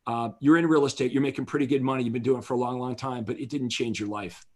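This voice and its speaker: A man's voice: medium pitch, steady tone, quick pace, darkish tone. A man hosting an online real estate conference, speaking in a motivational way and addressing his audience directly. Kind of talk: energetic seminar presentation.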